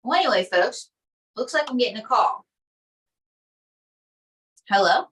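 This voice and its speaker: Bright-voiced playful woman comedian. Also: a little high, fairly quick, poor audio. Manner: animated, playful. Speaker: improv comedian. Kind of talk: improv sketch.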